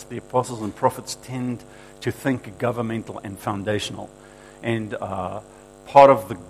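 A man's voice: mid-range voice, vocal fry, a little mellow, slight background noise, low-quality recording. A man preaching a sermon, emphatic and repetitive, quoting scripture with rising force and asking the room for agreement.

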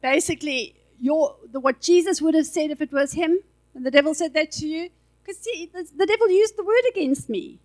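A woman's voice: sits high, brisk, a little mellow, rough recording. A woman preaching a sermon in a chatty, conversational way with asides, speaking into a handheld mic in a church. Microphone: handheld microphone.

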